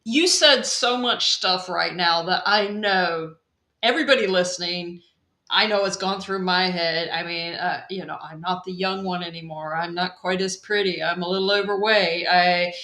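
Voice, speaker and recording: Woman host, reassuring live-stream talk, forceful bright tone, roomy echo. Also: lowish voice, moderate pace. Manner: reassuring, talks straight to viewers.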